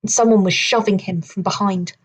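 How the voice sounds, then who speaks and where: Here a woman with a slightly rough, middle-pitched voice reads aloud from a children's adventure novel. She's an audiobook narrator, keeping her storytelling steady, measured, and evenly paced.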